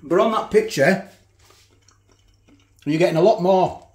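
A man's voice: sits high, measured pace, a little mellow, echoey room. A man casually reviewing a ready meal, chatting and eating as he talks, with cutlery clinking. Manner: chatty, eats while talking, repeats himself. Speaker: food reviewer.

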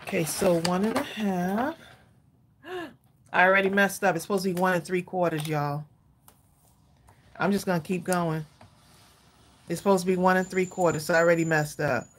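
A woman's voice: lowish voice, moderate pace, pauses often, slight background noise. A woman hosting a live crafting tutorial, chatty and laughing as she talks straight to her viewers. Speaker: craft livestream host.

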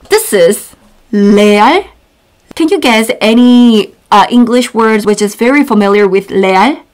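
Korean-accented female teacher, bright and bouncy delivery, acts out examples, casual online lesson. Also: a little high, animated, normal speed, smooth. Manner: repeats each phrase, acts out little scenes.

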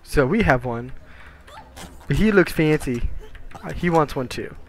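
A man's voice: a little high, animated, a little slow. Chatty man narrating his gameplay. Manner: reads the game's lines aloud in put-on voices, jokey asides. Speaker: let's play gamer. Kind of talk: casual gameplay commentary.

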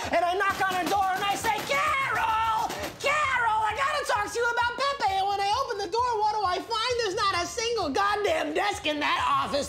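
A man's voice: very high voice, gravelly, exaggerated voice. An actor playing a frantic, paranoid male mailroom clerk who rants in a rambling way in a sitcom. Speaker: mailroom worker. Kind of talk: sitcom acting.

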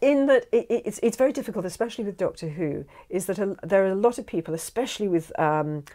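A woman's voice: medium pitch, lively intonation, fast talker, dark tone. A woman who narrates and directs audiobooks, chatting as a guest in a recording studio and often restarting and repeating words as she talks. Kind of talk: casual interview chat.

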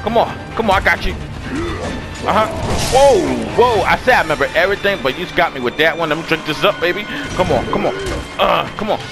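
Man, let's play commentary, excitable, swearing, talks to enemies, lively pitch, music behind. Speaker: gamer. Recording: background music.

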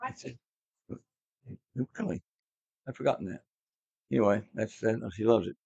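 A man's voice: on the low side, very animated, normal speed, creaky, a little mellow, breathy edge, no room sound. A man teaching a class Bible lesson, emphatic and repetitive, quizzing his students in a classroom. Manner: emphatic, repeats key words, quizzes the class. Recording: dull lo-fi, dry.

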